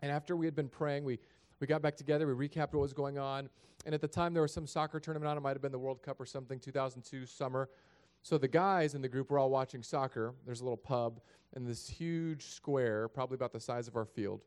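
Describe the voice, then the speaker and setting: A middle-aged male pastor telling a story in a sermon, shifting between hushed and raised passages. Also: medium pitch, fairly even intonation, quick pace, clean tone.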